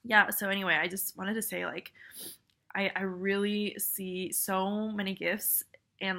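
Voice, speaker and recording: Sick young woman rambling, nasal and gravelly. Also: medium pitch, flat delivery, a little slow, sharp tone. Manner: rambling, many fillers and restarts. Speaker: viewer sending a video message. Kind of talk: casual heartfelt video message. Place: at home on her bed. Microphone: photo booth webcam.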